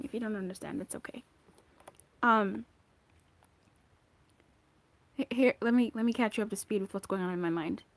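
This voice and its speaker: A woman's voice: on the high side, no room sound, studio quality. A woman giving a casual monthly tarot reading, chatty and rambling, wandering off on tangents and restarting her sentences. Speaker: tarot card reader.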